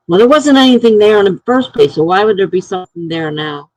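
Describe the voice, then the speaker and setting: A woman's voice: on the low side, animated, fast talker, hardly any pauses, a little mellow, no room sound, poor audio. A middle-aged woman live streaming from home, chatting casually and telling stories, acting out what other people said. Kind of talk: casual chat.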